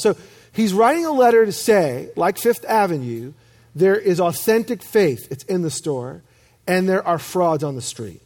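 A man preaching a sermon as pastor, telling stories with self-deprecating humor and lively emphasis. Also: sits high.

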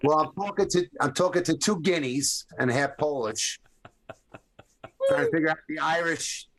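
A man's voice: fairly high pitch, wildly swooping pitch, normal speed, a bit bright. A man co-hosting a casual talk show, wry and teasing, leaning on words for dramatic emphasis. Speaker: podcast co-host. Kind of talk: casual chat.

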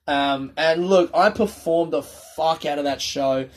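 A young Australian man with a fairly high voice, rambling through comic stories in a casual monologue. He swears freely, mocks himself, and slips into voices for the people he quotes. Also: steady tone, unhurried, hardly any pauses. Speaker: stand-up comedian.

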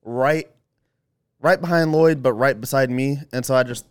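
A man in casual chat, agreeable and quick with short yeses. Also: medium pitch, clear, resonant tone.

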